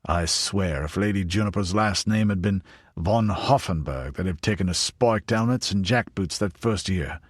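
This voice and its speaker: A man's voice: low-pitched, moderate pace, slightly rough, no room sound. A man voicing an older veteran soldier, dry and derisive.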